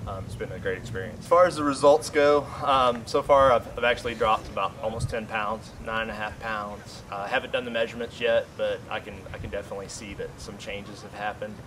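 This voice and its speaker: A man from Texas, out of breath after a workout, giving a halting testimonial full of fillers. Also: fairly low pitch, little pitch movement, distant mic. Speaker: boot camp client giving testimonial. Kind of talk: spoken testimonial. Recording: noisy outdoor recording.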